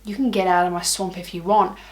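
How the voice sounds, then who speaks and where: A woman's voice: fairly low pitch, steady tone, a little fast, echoey room, natural voice. A woman voicing an older, wiser male swamp ogre in a playful mock-Australian accent, making a teasing threat. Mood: teasing menace.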